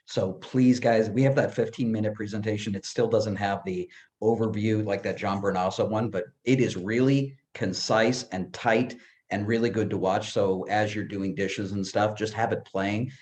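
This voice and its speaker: A man's voice: lowish voice, steady tone, normal speed, a little mellow. A man on a sales team call, eagerly sharing advice and retelling what a recruit told him. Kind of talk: enthusiastic team call remarks.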